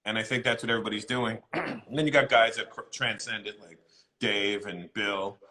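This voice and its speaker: A middle-aged man, a comedian being interviewed, chatting casually and telling animated stories with acted-out voices. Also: lowish voice, brisk, poor audio. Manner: animated storyteller, acts out quoted voices.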